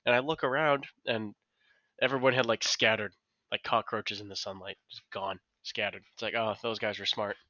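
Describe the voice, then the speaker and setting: Podcast co-host, male, bright edge, dry close mic with a slightly dull sound; animated, candid storyteller. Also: lowish voice, moderate pace, dry recording. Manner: animated storytelling, swearing freely. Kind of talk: casual chat.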